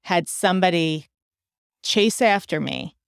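A middle-aged woman hosting a podcast, telling personal stories in casual chat with animated delivery. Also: fairly low pitch, a little slow, creaky, smooth, dry recording, studio quality. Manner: animated, acts out quoted dialogue. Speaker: podcast host.

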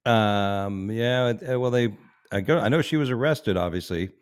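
A man's voice: fairly low pitch, normal speed, smooth, dry recording. A married man co-hosting a podcast, reading news stories in a loose, profane, joking way. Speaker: podcast co-host. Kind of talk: casual crude news chat.

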